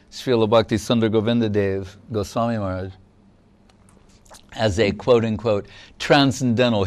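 A man of middle pitch speaking very slowly as a spiritual lecturer. He gives a devotional discourse in an unhurried, gently explanatory way, with frequent pauses and fillers.

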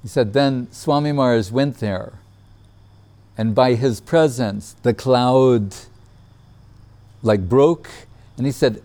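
A man telling a personal memory in casual storytelling, relaxed, laughing often and acting out what others said. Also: mid-range voice, takes it slowly, pauses often.

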